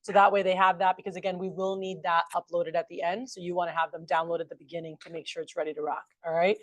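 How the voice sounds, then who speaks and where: A woman's voice: fairly low pitch, flat delivery, fast talker, no echo. A woman leads a training session in a chatty, upbeat way. She talks straight to a room full of trainees. Her voice sits close and dry, with almost no room sound. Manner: chatty, upbeat, addresses the group as "you guys". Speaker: sales trainer. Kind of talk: training a group. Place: meeting room with a large group.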